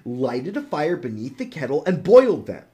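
A man hosting a comedy podcast, reading a fairy tale aloud with playful, animated asides. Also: on the high side, normal speed. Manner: animated, playful, adds jokes. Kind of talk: comic storytelling.

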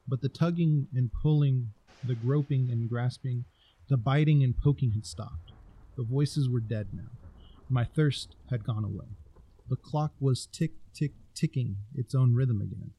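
Dark-voiced man reading a scary story. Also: medium pitch, unhurried, husky, muffled recording. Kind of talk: scripted narration of a scary story.

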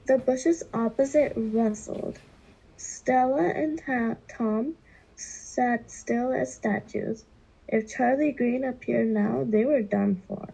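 A woman reading a children's novel aloud, slowly and deliberately, with occasional stumbles. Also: a little high, vocal fry, dark tone, breathy edge, low-quality recording. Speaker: reader.

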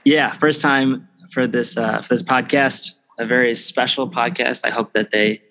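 A man's voice: mid-range voice, fairly even intonation, moderate pace, creaky, sharp tone, rough recording. Guy hosting a chill podcast, easygoing, lots of ums. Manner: easygoing, thinking aloud with fillers. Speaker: podcast host. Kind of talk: casual chat. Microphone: headphones, podcast mic.

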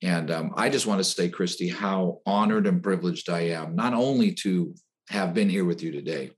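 A man's voice: deep voice, moderate pace. A middle-aged man, a coach and podcast guest, giving an earnest motivational talk with repeated phrases. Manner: earnest, preaching, repetitive phrasing.

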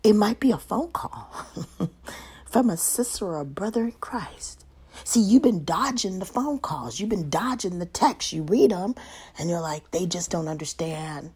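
A woman giving a Bible devotional, often dropping into a soft half-whisper and rising with emphasis on key lines. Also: medium pitch, lively intonation, measured pace, breathy edge. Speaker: devotional speaker.

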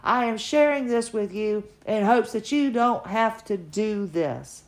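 A middle-aged woman speaking in an unhurried, drawn-out way, her pitch sitting right in the middle. She talks in an earnest, emotional manner as she shares a casual personal podcast monologue and encourages her listeners. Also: expressive. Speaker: podcaster sharing her health journey.

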